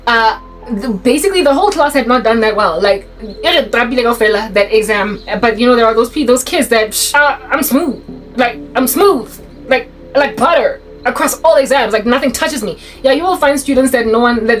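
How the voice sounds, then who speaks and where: A young South African woman telling a personal story in a casual, animated way, slipping in Sesotho phrases as she goes. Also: fairly high pitch, poor audio. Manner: animated, mixes in Sesotho phrases, restarts often.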